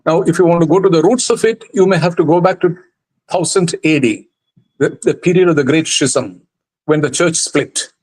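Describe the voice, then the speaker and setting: A man with a high voice gives a panel discussion answer as a guest commentator. He speaks in a thoughtful, measured way and restarts his sentences often. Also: a little mellow, rough recording.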